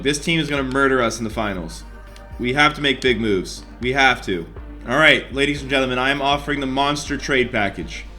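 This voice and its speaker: A young man commentating over a basketball video game as a gaming YouTuber, excitable and quick to get frustrated. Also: medium pitch. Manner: excitable, swings between hype and frustration.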